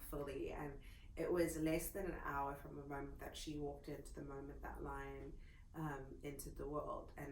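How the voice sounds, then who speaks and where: Young woman, low voice, laid-back storyteller, echoey room with faint hiss, for a chat show. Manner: relaxed, laughing often, with filler pauses. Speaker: co-host.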